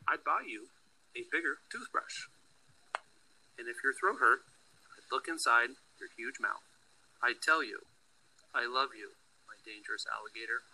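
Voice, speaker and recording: Storybook mother, warm-hearted and soothing, read by a man in a bright husky voice. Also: medium pitch, measured pace, long pauses, full character voice, poor audio. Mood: tender. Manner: soft, tender answers. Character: gentle, loving mother soothing her child.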